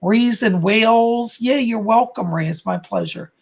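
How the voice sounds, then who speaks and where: Brief: male psychic live-streamer, gravelly, chatty and upbeat, drifts off topic. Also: high voice. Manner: chatty and encouraging, speeds up and slows down; laughs at himself, easily sidetracked. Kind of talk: live-stream forecast, reading viewer comments aloud.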